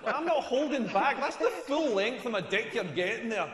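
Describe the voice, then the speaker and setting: Rambling crude Scottish stand-up, forty, on a stage with big hall reverb. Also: male voice, very high-pitched, expressive, moderate pace, fairly bright tone, some chatter behind. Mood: bawdy. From rural Scotland. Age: 40s. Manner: bawdy, rambling, self-mocking punchlines. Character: crude self-mocking male stand-up comic, forty. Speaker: stand-up comedian in the game. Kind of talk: stand-up comedy set on stage.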